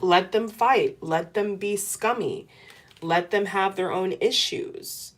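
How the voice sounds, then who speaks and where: A woman's voice: medium pitch, slow. A woman giving a tarot reading to camera, talking in an earnest, repetitive, coaching way. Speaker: tarot reader.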